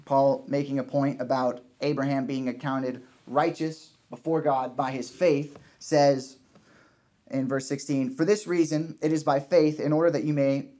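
A man's voice: medium pitch, level tone, a little slow, warm tone. A man preaching a sermon, earnest, often restarting and repeating his points for emphasis.

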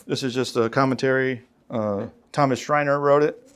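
A man preaching in a conversational, storytelling way, rising in pitch when he reads scripture. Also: fairly even intonation, normal speed, clear, resonant tone. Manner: conversational, tells stories, rises when reading scripture. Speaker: pastor. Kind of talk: sermon.

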